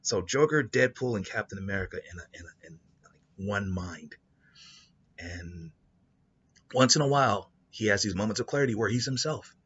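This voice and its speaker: A man hosting a show, talking through a story idea in a rambling, animated way. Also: lowish voice, moderate pace, husky, dull audio. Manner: rambling, animated, with many restarts. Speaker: host. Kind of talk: casual spoken storytelling.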